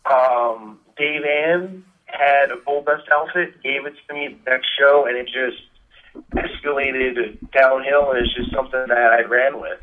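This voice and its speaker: A man's voice: mid-range voice, steady tone, a little slow, slight background noise. A man telling rambling stories with many fillers as a guest in a casual phone interview. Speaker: guest, wrestler. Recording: tinny phone line.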